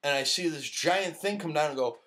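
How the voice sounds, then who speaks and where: A podcast host with a fairly high, bright voice speaks fairly quickly on a live-streamed podcast, telling a long story in casual chat. He rambles, swears, and laughs often.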